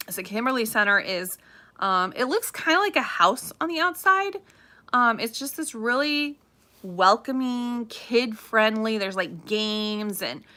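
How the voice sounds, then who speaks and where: A woman chatting casually on a livestream, gossipy and animated, repeating herself as she tells a local story. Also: mid-range voice. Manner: chatty, animated, says "craziness" often. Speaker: realtor livestream host.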